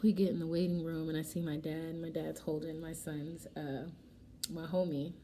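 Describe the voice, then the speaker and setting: A young adult woman vlogger casually telling a personal story while doing her makeup, animated and emotional, acting out what people said. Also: sits low, normal speed, slight background noise. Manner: emotional, animated retelling with quoted dialogue. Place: home, getting ready.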